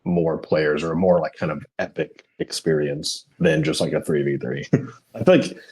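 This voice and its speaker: A man co-hosting a podcast, talking in a relaxed, rambling way with lots of fillers. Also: extremely low pitch, moderate pace, husky. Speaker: podcast co-host. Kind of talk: casual chat.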